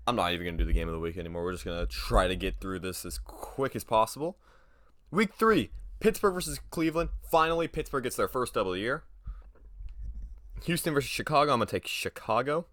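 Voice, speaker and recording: A man's voice: fairly low pitch, a bit bright, dry recording, clean studio sound. A young man talking casually through sports predictions on his own video, rambling, trailing off and correcting himself as he goes.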